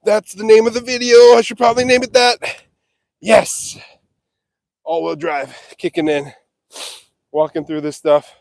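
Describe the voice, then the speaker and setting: Carrying a handheld mic across a farm field on a live stream, a man talks casually and playfully to the cattle he's feeding, calling to them in a sing-song way. His high voice is flat in delivery, a little slow, with vocal fry and long pauses, and the recording sounds dry and clean, like a studio.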